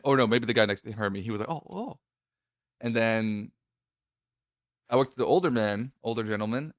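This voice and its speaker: A man's voice: lowish voice, a bit bright, clear, resonant tone, dry recording, studio quality. A male podcast host telling a story in casual chat, nervous and rambling, with many restarts and a voice that cracks.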